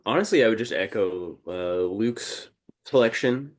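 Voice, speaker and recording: A man's voice: lowish voice, a little slow. A man, a band musician, answering podcast questions in a laid-back, modest way. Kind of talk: casual interview chat.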